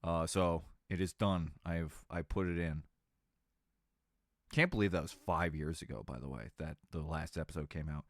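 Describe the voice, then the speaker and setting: This very deep male voice moves at a moderate pace with no room sound, recorded cleanly in a studio. He has a slight Southern twang and rambles through a casual live stream chat with viewers, cracking jokes and laughing between sentences.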